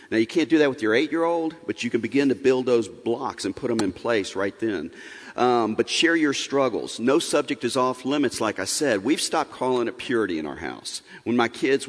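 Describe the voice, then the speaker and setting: A man's voice: mid-range voice, animated, fairly quick. Frank middle-aged man in a reverberant hall. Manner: frank, earnest, plain-spoken. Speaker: parenting workshop speaker. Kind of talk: church seminar talk.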